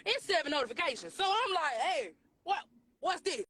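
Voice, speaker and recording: A woman's voice: very high-pitched, moderate pace, crowd noise. A woman, telling a story on a live show and acting out the voices of the people in it. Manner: animated, acts out quoted voices, Southern US slang. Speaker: podcast co-host telling a story.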